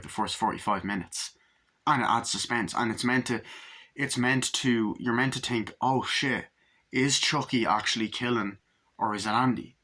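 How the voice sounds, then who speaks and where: A man giving a casual movie review, excited and profane, retelling scenes with eager fan enthusiasm. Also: medium pitch.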